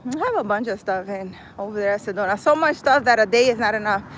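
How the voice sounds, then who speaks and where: A woman's voice: mid-range voice, animated, quick pace, fairly bright tone, poor audio. Woman, casual live-stream chat, rambling, outdoors in a park, faint city noise. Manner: chatty, rambling, many "like" and "I don't know". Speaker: vlogger reading live chat.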